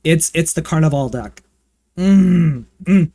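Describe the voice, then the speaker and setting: Man, game streamer, campy, chatty, fairly high voice, dry close sound. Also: slow pace, no room sound. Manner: chatty and campy, with playful swearing and bursts of excitement. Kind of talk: casual gaming livestream chat.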